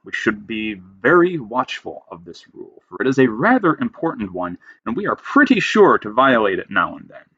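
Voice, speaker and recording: A man's voice: mid-range voice, sing-song, moderate pace, hardly any pauses, a bit bright, slightly rough, no echo, lo-fi sound. A man teaching creative writing, reading style rules aloud and explaining each one emphatically. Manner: emphatic, reads a rule then explains it plainly. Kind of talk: lecture reading rules with commentary.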